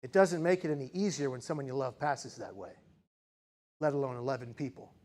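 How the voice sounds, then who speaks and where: A man in his forties giving a personal storytelling speech as a keynote speaker, dramatic and shifting between loud intensity and hushed quiet. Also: mid-range voice, brisk. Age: 40s.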